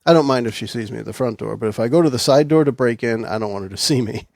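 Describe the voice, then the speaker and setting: Gravelly man playing a tabletop game. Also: medium pitch, very fast, dry recording, clean studio sound. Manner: relaxed, wry. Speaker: player. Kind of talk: casual tabletop game chat.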